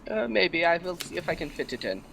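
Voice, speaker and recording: A man's voice: on the high side, very animated, a little fast, creaky, fairly bright tone, slight background noise, full character voice. A man playing a stiff, formal bounty hunter in a tabletop game, with stilted, polite phrasing. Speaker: player.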